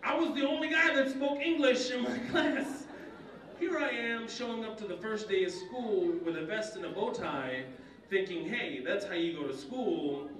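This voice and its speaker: A young adult man from Kuwait doing an animated stand-up comedy set in a conference center banquet hall, slipping into character voices. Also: normal speed. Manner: animated, jumps into high-pitched character voices. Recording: roomy hall, distant mic, faint noise.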